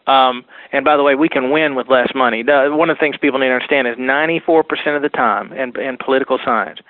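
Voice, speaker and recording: A man guest on a political talk radio show, calling in and talking fast and insistently in long run-on sentences. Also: medium pitch, no room sound. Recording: phone line.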